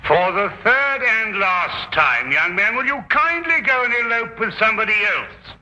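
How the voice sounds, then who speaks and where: An actor playing Dr. Watson, a loyal and easily flustered Victorian doctor who stammers earnestly, in 1950s television drama style. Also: male voice, mid-range voice, lively intonation, unhurried, bright, forceful tone, breathy edge, exaggerated voice. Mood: stiff. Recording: dull lo-fi 1950s TV soundtrack.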